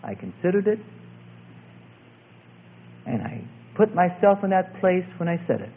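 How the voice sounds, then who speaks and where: A man preaching a sermon with emphatic delivery, swinging from loud calls to hushed passages. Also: high voice, very animated, measured pace, slight background noise. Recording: tinny lo-fi phone-like recording.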